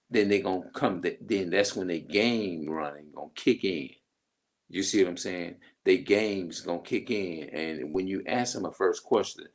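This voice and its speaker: A middle-aged man in a rambling, emphatic casual monologue, swearing freely as he vents. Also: sits low. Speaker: vlogger.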